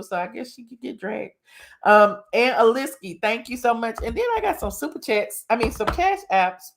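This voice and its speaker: A woman's voice: a little high, expressive, normal speed, gravelly. A woman from Georgia with a Southern accent, hosting a casual livestream and chatting in slangy, joking talk while thanking viewers. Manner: chatty, slangy, reads viewer comments aloud with laughter. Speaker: livestream host.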